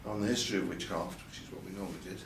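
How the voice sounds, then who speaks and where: Very fast and low-voiced, with fairly even intonation, an older man recounts his past in an open interview, hesitant and repeating words, his voice lifting whenever he quotes someone. It was recorded at an event venue through a distant mic, so it sounds roomy, with faint ambience and a little hiss or hum.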